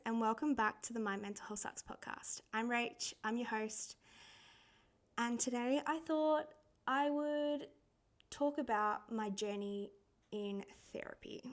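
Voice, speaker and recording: A young adult Australian woman hosts a podcast, telling personal stories chattily and candidly and laughing often. Her voice is a little high and fairly bright, with fairly even intonation, a slightly slow pace, and frequent pauses.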